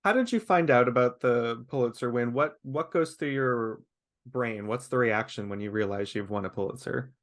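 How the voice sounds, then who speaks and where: Man, interview host, mid-pitched voice, enthusiastic, friendly questions. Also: normal speed. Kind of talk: webchat interview.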